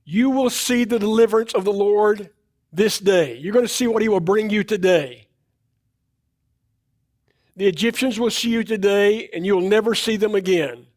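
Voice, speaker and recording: A man voicing Moses as a calm, bold leader, speaking slowly and with emphasis. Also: high-pitched, voice pushed up, close to an everyday voice. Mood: reassuring. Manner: slow, emphatic, rising delivery.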